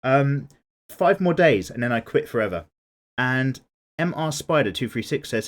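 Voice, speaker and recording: A man's voice: medium pitch, expressive, moderate pace. A man, chatting casually while drawing and answering viewer comments in a laid-back, playfully indignant way. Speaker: art YouTuber.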